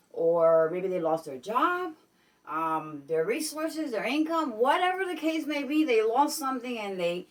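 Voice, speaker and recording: Chatty New York woman, mic at a distance. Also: a little high. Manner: chatty, keeps tagging lines with "okay?" and "guys". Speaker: vlogger. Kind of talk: casual vlog monologue.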